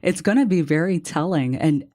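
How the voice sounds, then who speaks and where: A woman co-hosting a podcast, telling a story in a snarky, animated way and acting out the dialogue. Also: deep voice, normal speed. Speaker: podcast co-host. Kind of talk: casual chat, storytelling.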